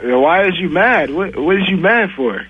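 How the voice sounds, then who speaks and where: A man calling into a radio show, talking in a loose, casual, halting way. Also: high-pitched, lively intonation, husky. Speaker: caller. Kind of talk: call-in radio chat. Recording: noisy tinny phone line.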